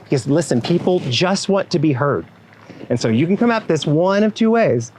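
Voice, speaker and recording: A man with a fairly high voice and moderate pace speaks to event professionals in a motivational keynote, recorded in poor audio with a little hiss or hum. Addressing them directly and often going off on asides, he animatedly plays out quoted clients and inner voices.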